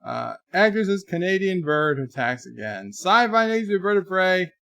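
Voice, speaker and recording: A man's voice: high voice, big pitch swings, moderate pace, vocal fry, no room sound. A man hosting a live stream, reading viewers' chat messages aloud in a rambling, chatty way. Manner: chatty, rambling, trails off quietly.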